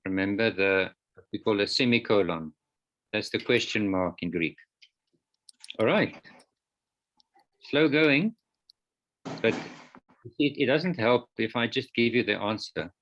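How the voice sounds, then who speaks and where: Low-voiced male lecturer, patient step-by-step explainer, dull lo-fi call audio. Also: a little slow, pauses often, a bit bright. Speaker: Greek lecturer. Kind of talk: online class teaching.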